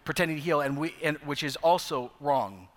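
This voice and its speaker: A middle-aged man preaching a sermon as pastor, earnest, slowing down to stress key phrases. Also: a little high, animated. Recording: long reverb of a large hall.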